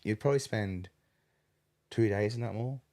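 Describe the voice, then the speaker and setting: Man, very deep voice, casual podcast chat, rambling, swears now and then. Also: normal speed, mellow. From Australia. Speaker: guest.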